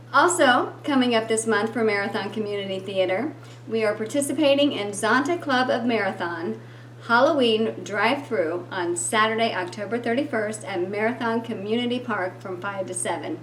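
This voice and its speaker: A woman with a fairly high voice reads out upcoming theater events, dates and phone numbers in an upbeat way. The room is echoey and a faint hum sits under her voice. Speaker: theater production vice president. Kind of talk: event announcement.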